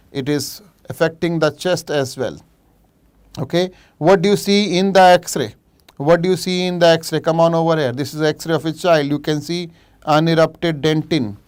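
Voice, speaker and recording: A middle-aged man with an Indian English accent, teaching a live online revision lecture for a medical exam. He walks through case questions, reacts to viewers' answers from the chat, and switches into Hindi for quick asides. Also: on the high side, a little mellow, clear, resonant tone. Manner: explains cases while reading out viewers' chat answers.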